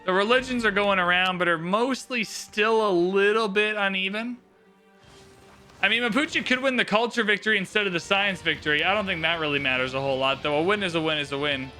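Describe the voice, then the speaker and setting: A high, very bright male voice gives relaxed, joking commentary on a strategy game during a livestream. He chats along with easy playful asides. Faint game music plays underneath. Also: a little fast.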